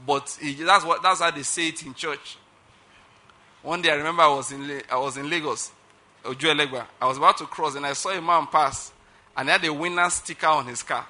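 A man's voice: fairly high pitch, fairly even intonation, a little fast, sharp tone. A middle-aged man preaching a sermon emphatically, often checking that listeners follow his point. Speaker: pastor.

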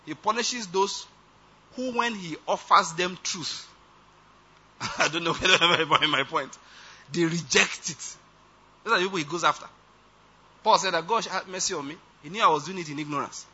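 High, tense preacher, husky. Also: male voice, normal speed, pushed and bright. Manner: emphatic, repeatedly checks the audience follows. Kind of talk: sermon. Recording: dull lo-fi recording.

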